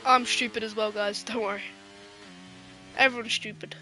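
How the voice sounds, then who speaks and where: A woman giving casual, excitable live sim racing commentary, giggling and swearing as she banters. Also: mid-range voice, moderate pace, slight background noise.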